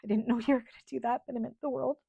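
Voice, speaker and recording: Lady on her channel stream, raspy fry in her voice, lots of ums, fighting back tears, dead dry sound. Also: fairly high pitch, steady tone, mellow, no room sound, highs cut off. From Canada. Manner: heartfelt, halting, with many ums. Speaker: channel host. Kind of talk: casual livestream chat.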